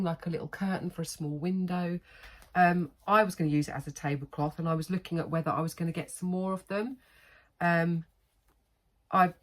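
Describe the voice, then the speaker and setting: A middle-aged woman, chatting casually and rambling in a haul vlog, laughing often. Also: lowish voice. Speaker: haul vlogger.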